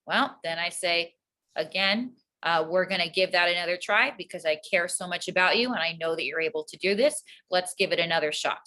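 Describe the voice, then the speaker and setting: A woman teacher with an earnest, calm manner, explaining her classroom routines in a casual interview. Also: lowish voice, rough recording. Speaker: teacher, guest.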